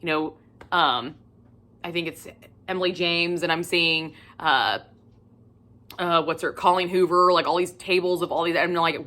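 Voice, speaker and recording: A woman chatting casually in a book haul vlog, gushing and excitable, swearing freely and swinging between loud squeals and whispers. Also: on the low side, a little slow, long pauses. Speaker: book vlogger.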